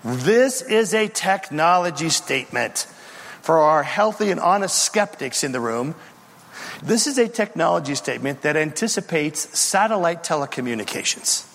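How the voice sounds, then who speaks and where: A man's voice: fairly high pitch, expressive, normal speed, fairly bright tone, long reverb tail, slight background noise. A man preaching a sermon with dramatic storytelling, acting out the voices of biblical figures. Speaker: pastor.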